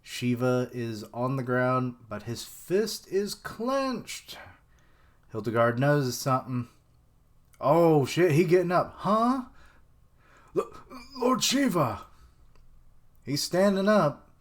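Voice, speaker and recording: A man's voice: medium pitch, big pitch swings, slow pace. A young man giving casual live reaction commentary on a manga chapter, rambling with lots of fillers and chuckles.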